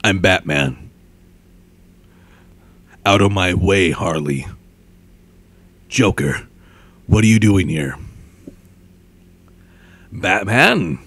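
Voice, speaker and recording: A gruff, growling caped crusader with clipped, menacing lines, as a young man puts him on. The voice sits low and a bit strained from an overworked throat. It comes through a close microphone with a pop filter. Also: expressive, very slow, pauses often, fairly bright tone, exaggerated voice.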